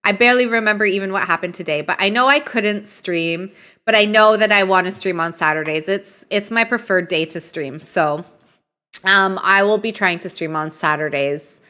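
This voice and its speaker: Woman streamer, chatty live game commentary, reads options aloud, tired, bright sharp tone. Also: medium pitch, normal speed.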